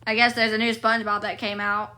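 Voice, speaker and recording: High bright giggly woman streamer. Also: flat delivery, fast. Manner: playful and giggly, chatting with viewers. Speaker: live streamer. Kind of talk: casual live-stream chat.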